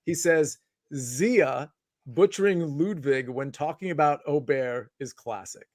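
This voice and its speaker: A man's voice: on the high side, unhurried, darkish tone, no echo, studio quality. A man hosting a casual live sports chat, rambling with many filler words and restarts. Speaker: podcast host.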